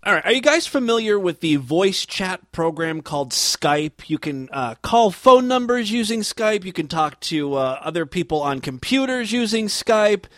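A man's voice: high-pitched, big pitch swings, normal speed, hardly any pauses, no room sound, clean studio sound. A man hosting a comedy show, telling a story in a wry, self-mocking way. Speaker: show host. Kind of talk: comedic monologue.

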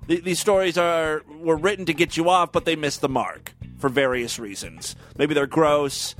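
A sarcastic male podcast host who rambles and swears as he talks. His voice sits a bit high for a man, and faint music plays behind him. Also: normal speed, a bit bright. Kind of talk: casual monologue and comic reading.

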